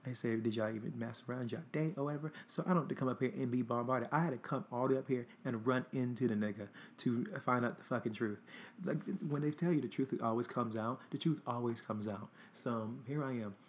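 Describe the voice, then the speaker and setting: A man's voice: mid-range voice, a little hiss or hum. Chatty young man telling a story. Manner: chatty, blunt and profane, acting out texts. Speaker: host. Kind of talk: casual storytime monologue.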